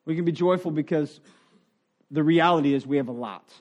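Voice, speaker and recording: A middle-aged man preaching a sermon in an earnest, conversational way, dropping to quiet asides and rising for emphasis. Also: fairly high pitch, a little fast, muffled recording. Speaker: pastor.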